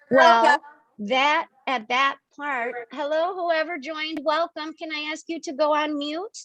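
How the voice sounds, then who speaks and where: A woman's voice: high-pitched, fairly bright tone, no echo. A woman hosting a spiritual members' call on video, explaining earnestly and acting out examples.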